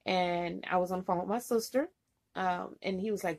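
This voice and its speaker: A woman's voice: on the low side, moderate pace, vocal fry, a little mellow. A woman truck driver vlogging casually, retelling a bad experience in a rambling, emotional way full of "you know". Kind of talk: casual storytelling vlog.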